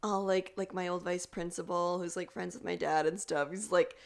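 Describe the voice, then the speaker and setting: A woman's voice: on the low side, moderate pace, creaky. A young woman hosting a podcast, telling stories animatedly and acting out the quotes. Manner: animated storyteller, acts out quotes. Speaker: podcast host. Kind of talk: casual chat.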